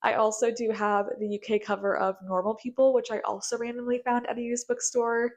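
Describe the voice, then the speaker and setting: A woman's voice: fairly high pitch, little pitch movement, brisk. A young American woman chatting casually in a bubbly, gushing way, with lots of filler words. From United States. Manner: bubbly, gushing, filler-heavy with frequent likes. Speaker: book vlogger. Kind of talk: casual chat.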